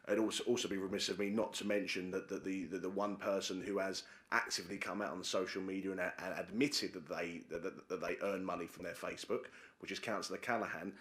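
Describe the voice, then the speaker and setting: A man's voice: deep voice, fairly bright tone. A man chairing a council committee, speaking with many fillers and repeated words. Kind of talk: committee debate speech. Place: council chamber.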